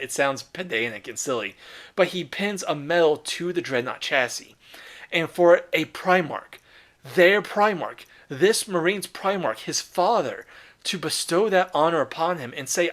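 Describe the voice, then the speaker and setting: A man talks through a casual commentary video with enthusiasm and slangy, unfiltered phrasing. His voice sits a little above the typical male pitch. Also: animated, measured pace, a bit bright. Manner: enthusiastic, casual, swears and laughs.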